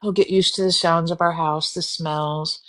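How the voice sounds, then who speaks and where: A woman's voice: fairly low pitch, fairly even intonation, moderate pace. A woman hosting a live stream in casual chat, yawning and rambling, candid and free with swearing. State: sleepy, yawning. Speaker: livestream host.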